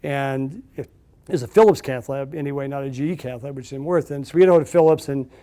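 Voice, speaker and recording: A man's voice: medium pitch, quick pace, dark tone. A middle-aged man giving a storytelling talk to a live audience, chatty and anecdotal with frequent fillers and restarts. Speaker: speaker at a business event.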